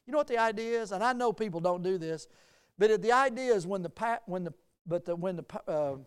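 A middle-aged male pastor preaching a sermon, telling folksy personal stories and rising to emphatic, lively preaching. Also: high voice, quick pace, clear, resonant tone.

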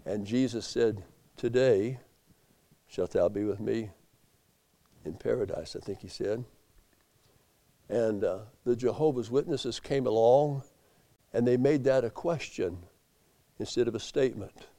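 A man preaching a sermon, swinging from low, quiet asides up to loud emphatic peaks. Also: a little slow, pauses often. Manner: rising to emphatic peaks, then dropping low.

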